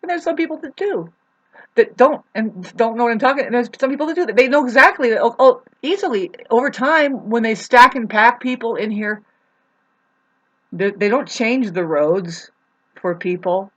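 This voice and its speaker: A woman in an angry rant to camera about her neighbours, swearing, her voice swinging from shouting to low and sad. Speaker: vlogger. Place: home in the mountains.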